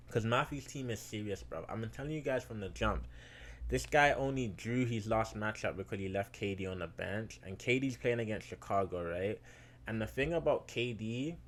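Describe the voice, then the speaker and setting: A man casually talking fantasy basketball to his viewers in a chatty, slangy way, getting loud and excited over close wins. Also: lowish voice. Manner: chatty, slangy, addresses viewers as bro and guys.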